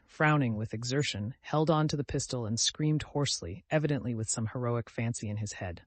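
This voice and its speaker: A man with a medium-pitched voice narrates an audiobook, telling the scripted story in a steady, measured way. The sound is dry with no echo.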